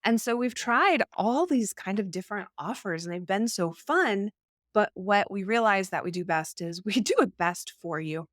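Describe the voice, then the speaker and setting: A woman speaks in casual conversation as a podcast guest and tells stories from her own business with lively candour. Her voice sits mid-range for a woman. The sound is dry and close, with no room around it. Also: medium pitch, moderate pace, dry recording. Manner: lively, candid storytelling. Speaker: podcast guest, marketing agency owner.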